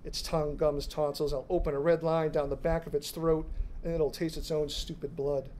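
A man's voice: fairly high pitch, level tone, normal speed, darkish tone, slight background noise, natural voice. A man doing a sly, taunting young animal girl. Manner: taunting, bold.

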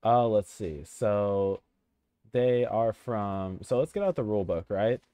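A man giving casual let's-play commentary as a streamer, excitable, joking and easily sidetracked. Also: fairly low pitch, measured pace, no room sound. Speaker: gamer streamer.

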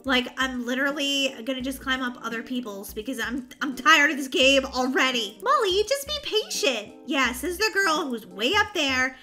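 Bubbly high-voiced woman gaming. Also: normal speed, hardly any pauses, soft background music. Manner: excitable, bubbly and easily exasperated. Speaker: gaming channel host. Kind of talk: casual gameplay chat.

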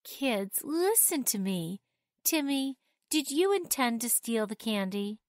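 A warm, reassuring mother in a children's storybook, as a woman reader voices her, explaining things calmly and gently. Her voice is a little high. The recording is dry and close. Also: slow, dry recording.

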